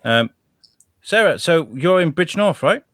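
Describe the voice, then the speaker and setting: A man's voice: fairly high pitch, lively intonation, measured pace, fairly bright tone, no room sound, studio quality. A man hosting a podcast in a chatty, rambling way, laughing often. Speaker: podcast host. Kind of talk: casual chat.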